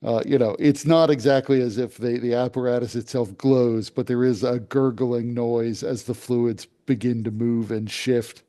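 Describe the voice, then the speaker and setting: Mellow-voiced tabletop player man. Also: mid-range voice, steady tone, normal speed, hardly any pauses. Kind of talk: tabletop role-play, describing his character's actions.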